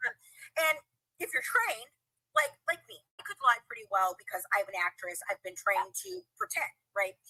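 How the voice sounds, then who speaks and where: A woman in a casual streamed interview, telling a story in an animated way and acting out the voices of the people she quotes. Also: on the high side, moderate pace, slightly rough, no echo, poor audio. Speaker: guest. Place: live stream video call.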